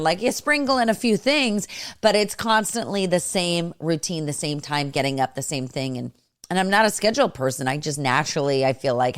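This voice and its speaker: A woman podcast host in her thirties, talking casually and rambling with many fillers. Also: low voice. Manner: rambling, lots of fillers like "you know". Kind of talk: casual conversational interview.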